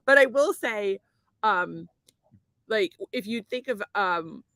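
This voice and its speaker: A woman from Massachusetts co-hosts a loose comedy podcast, rambling through stories and breaking into laughter often. Her voice sits in an ordinary middle pitch, and the recording is dry and close. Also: lively intonation, takes it slowly, a bit bright, no room sound. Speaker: podcast co-host. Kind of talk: casual comedic chat.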